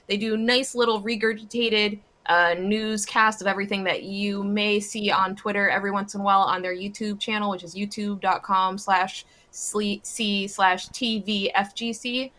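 A woman co-hosting a casual talk show, reporting community news in an upbeat way and spelling out acronyms slowly. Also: medium pitch, pushed and bright. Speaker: co-host.

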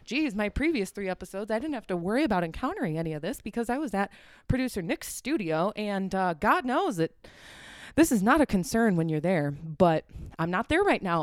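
A woman's voice: medium pitch, big pitch swings, a little fast, dry recording, studio quality. A young adult woman hosting a solo podcast from her apartment, ranting casually, swearing often and getting sidetracked. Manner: rambling, profane, easily sidetracked. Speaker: podcast host.

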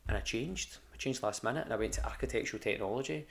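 Gravelly low-voiced Scottish man rambling. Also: lively intonation, fast talker, hardly any pauses. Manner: rambling, sweary, frequent ums and restarts. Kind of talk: casual storytelling.

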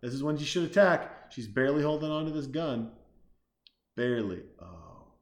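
A comedian making profane, sarcastic commentary while watching a horror film, muttering low and then breaking into loud outbursts. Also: male voice, sing-song, moderate pace, echoey room.

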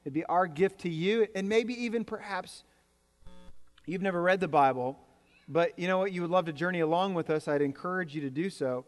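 A man's voice: high voice, fairly quick. A man preaching a sermon in a church, talking to the congregation in a conversational way with jokes and repeated words. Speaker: pastor. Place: church sanctuary. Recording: reverberant hall.

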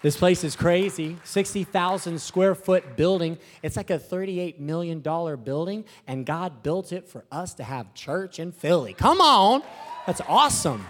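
A young man, a new pastor, giving an emotional and excited testimony to a congregation, talking casually and swinging from soft to shouting. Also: on the high side, normal speed, hardly any pauses, slight background noise. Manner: casual slang, breathless excitement. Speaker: young pastor planting a church.

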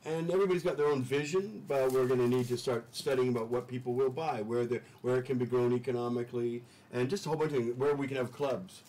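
A man's voice: medium pitch, fairly even intonation, fast talker, hardly any pauses, dark tone, poor audio. A man talking as a studio guest in casual talk-show chat, enthusiastic and rambling, repeating words as he restarts his sentences.

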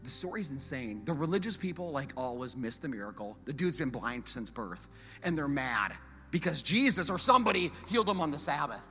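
A man preaching a sermon as a pastor, telling the story in a lively, conversational way, swinging from loud urgency to hushed emphasis and putting rhetorical questions to the congregation. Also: on the high side, a little fast, in a large hall, faint music behind.

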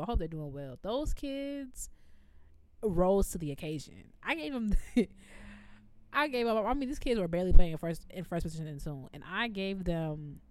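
A woman, co-hosting a casual chat and telling animated stories as a former music teacher. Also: mid-range voice. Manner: animated storytelling, quoting herself.

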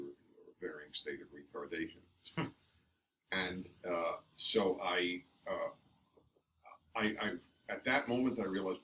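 Man, low-ish voice, emphatic storyteller, mic a bit far off with faint hiss. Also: fairly bright tone. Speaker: radio host as interview guest. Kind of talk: interview storytelling.

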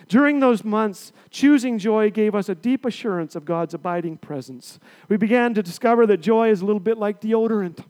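High-pitched man preaching with lively swings. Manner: lively, swings between loud bursts and hushed asides. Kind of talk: sermon with storytelling.

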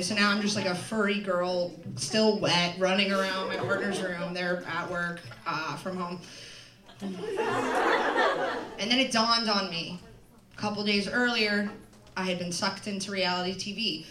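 A woman's voice: medium pitch, fairly even intonation, normal speed, very noisy. A woman stand-up comedian telling a self-deprecating story live, rambling with lots of fillers. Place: comedy club stage. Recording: echoey room from far off, loud crowd laughter. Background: loud audience laughter.

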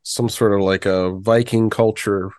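A man's voice: lowish voice, fairly even intonation, measured pace, a little mellow, dry recording. A man co-hosting a podcast, trading crude, mocking jokes in casual comedic chat. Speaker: podcast co-host.

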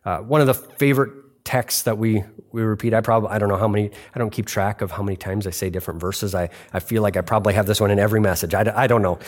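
A man's voice: lowish voice, fairly even intonation, racing, hardly any pauses. A middle-aged man preaching a sermon as pastor, earnest and conversational, often restarting and repeating phrases for emphasis. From United States.

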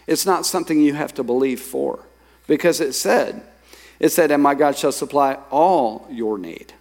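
Pastor preaching in a reverberant hall. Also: male voice, fairly high pitch, normal speed. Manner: lively, quoting scripture and telling stories to the congregation. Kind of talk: sermon. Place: church sanctuary.

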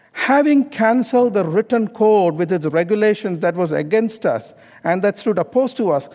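A middle-aged man with a high-pitched, darkish voice delivers a sermon built around a personal story, his words trailing off in a long reverb. He keeps it conversational, quizzing the congregation and sprinkling in "okay?" and "you know."

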